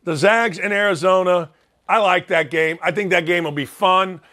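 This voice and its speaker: A man's voice: sits high, fairly even intonation, normal speed, sharp tone. Blunt, fired-up Chicago-accented man. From Northwest Indiana. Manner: blunt, fired-up, rambling, self-mocking. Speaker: sports radio host. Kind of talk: solo sports talk monologue.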